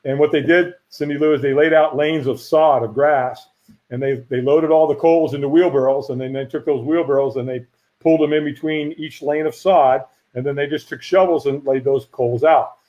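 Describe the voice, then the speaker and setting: A middle-aged man, a firewalk instructor, telling a lively story in a casual interview and acting out the voices of people he quotes. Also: a little high, moderate pace. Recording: dull lo-fi audio.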